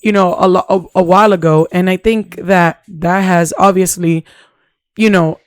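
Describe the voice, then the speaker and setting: A woman's voice: fairly low pitch, fairly even intonation, moderate pace, no room sound, clean studio sound. A woman co-hosting a podcast in casual chat, talking on with frequent restarts. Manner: chatty, restarts sentences often. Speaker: podcast co-host.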